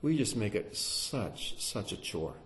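A man teaching through a Bible passage in an animated, dramatic sermon style, sometimes acting out the characters. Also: fairly low pitch, takes it slowly. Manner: animated, dramatic, acts out voices.

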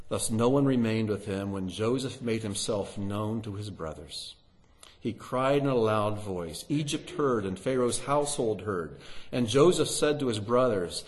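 A man's voice: lowish voice, expressive, normal speed. A man teaching through a Bible passage, reading scripture aloud with rising emphasis and asking his listeners rhetorical questions.

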